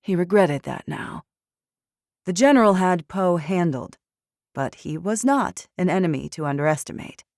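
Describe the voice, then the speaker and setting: A woman narrating an audiobook in a measured, steady storytelling manner. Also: on the low side, dry recording. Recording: dry studio recording.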